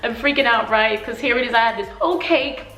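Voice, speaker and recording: A woman in her twenties telling a story for her vlog, animated and emotional, often laughing. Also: a little high, quick pace, reverberant, soft background music, poor audio. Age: 20s.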